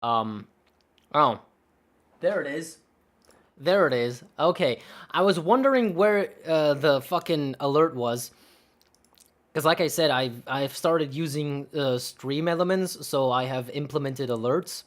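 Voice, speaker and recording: A man's voice: fairly high pitch, lively intonation, a little slow. Dry, sarcastic young male streamer. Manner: dry, sarcastic, rambling, with frequent laughs. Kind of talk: casual livestream commentary while opening game cases.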